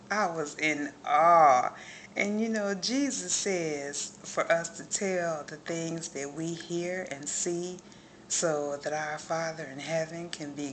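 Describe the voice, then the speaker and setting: A woman's voice: lowish voice, a bit bright, a little hiss or hum. A woman giving a spoken religious testimony and prayer on a phone, fervent and repeating words of praise. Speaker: believer sharing a testimony.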